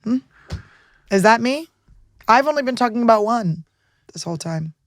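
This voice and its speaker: A woman hosting a podcast, telling stories in crude, excitable casual chat on a close studio mic. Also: a little high, normal speed, dry recording. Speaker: podcast host.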